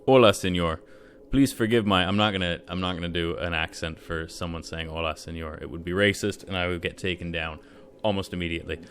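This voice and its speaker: Low-voiced man rambling over gameplay. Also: flat delivery, fast, sharp tone. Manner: rambling, self-deprecating, joking asides. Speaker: let's play host. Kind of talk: casual gameplay commentary.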